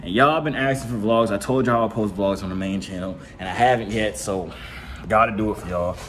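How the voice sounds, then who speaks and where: A man's voice: on the low side, a little fast, a bit bright. Teasing young man vlogging at home. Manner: playful teasing, slangy. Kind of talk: casual vlog chat. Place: home, indoors. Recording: echoey room, faint noise.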